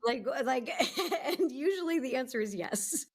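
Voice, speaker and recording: A woman's voice: high voice, lively intonation, a little slow, a little mellow, slight background noise. Earnest woman sharing life advice. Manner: earnest, thoughtful, laughs at herself. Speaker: guest speaker. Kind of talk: reflective advice talk.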